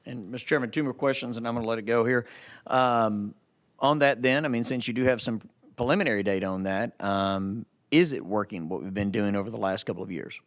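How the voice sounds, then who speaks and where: A man, a legislator, questions a witness at a committee hearing. His voice is on the lower side. He speaks plainly and with emphasis, pressing his requests. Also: fairly quick. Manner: emphatic, pleading, plain-spoken.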